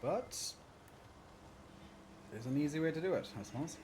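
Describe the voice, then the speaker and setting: A man's voice: on the high side, expressive, normal speed. A man streaming a video game, chatting casually and muttering sarcastic asides to himself. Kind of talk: casual gameplay commentary. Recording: stream audio with background noise.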